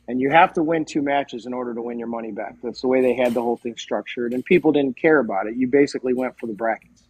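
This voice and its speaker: A man as a podcast guest, telling stories in a casual, animated way and acting out the dialogue. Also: mid-range voice, quick pace, breathy edge, rough recording. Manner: animated, acts out quoted dialogue. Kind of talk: casual storytelling.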